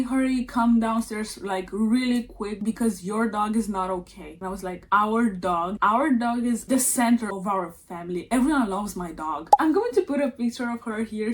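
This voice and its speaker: A young woman vlogger telling a personal story in an earnest, emphatic, motivational way, filling her talk with "like". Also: mid-range voice. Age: young adult. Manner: earnest, emphatic, self-help pep talk with lots of "like". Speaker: lifestyle vlogger.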